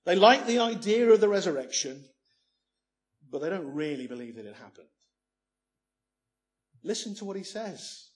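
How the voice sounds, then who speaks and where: A man's voice: high voice, sing-song, moderate pace, pauses often. A man preaching a sermon, emphatic, often ending points with rhetorical questions.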